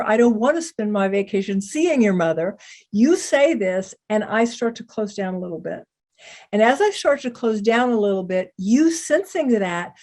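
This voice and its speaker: A woman teaching communication skills, talking in a measured, gentle way as she walks through an example step by step. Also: a little high. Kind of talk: calm instructional talk.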